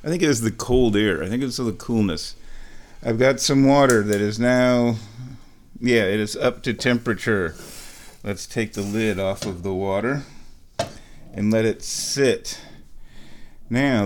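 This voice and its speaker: Speaking a little slowly in a lowish voice, this vlog host is in his home kitchen making tea. He's playful, chatting to himself and humming while he works.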